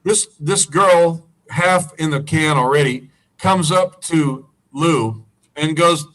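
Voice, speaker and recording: A man with a high, bright, sharp-edged voice spins a profane band story in loose conversation. He laughs as he goes and slips into quick impressions of the people he describes. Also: far from the mic, poor audio. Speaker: musician guest. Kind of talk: casual storytelling chat.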